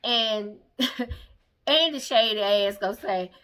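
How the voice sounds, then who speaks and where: A woman speaking AAVE gives a blunt, sassy casual recap of a reality show, acting out the cast in quick quotes. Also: on the high side, a bit bright, clean tone.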